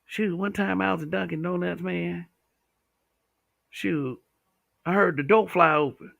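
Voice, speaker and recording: A man's voice: sits high, steady tone, unhurried, vocal fry, fairly bright tone, no room sound, clean studio sound. A man hosting a livestream, talking bluntly with profanity and reading viewer comments. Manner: blunt, profane, talks back to chat.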